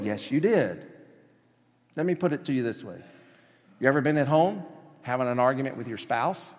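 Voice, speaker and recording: A man's voice: mid-range voice, big pitch swings, brisk, in a large hall. A man preaching a sermon as pastor, emphatic, acting out quotes and asking the congregation questions.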